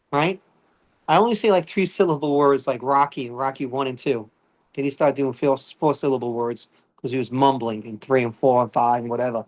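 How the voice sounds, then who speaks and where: A man's voice: medium pitch, fairly even intonation, moderate pace. A middle-aged man, doing a rambling stand-up set full of fillers and "all right?" check-ins. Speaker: stand-up comedian.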